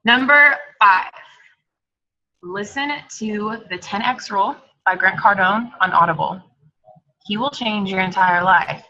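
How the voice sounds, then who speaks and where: A woman's voice: mid-range voice, a little slow, sharp tone, highs cut off. A woman giving an emphatic, hyped motivational talk on a team call, repeating her points. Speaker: team coach.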